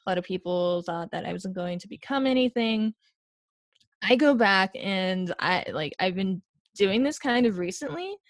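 A woman's voice: medium pitch, normal speed, dry recording. Chatty young woman telling stories. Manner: animated storytelling, quoting others. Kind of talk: casual chat.

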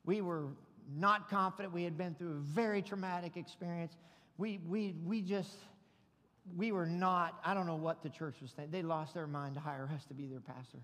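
A man preaching a sermon as pastor, emphatic and folksy, building up to shouts. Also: a little high, fairly even intonation, normal speed, long reverb tail. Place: church sanctuary.

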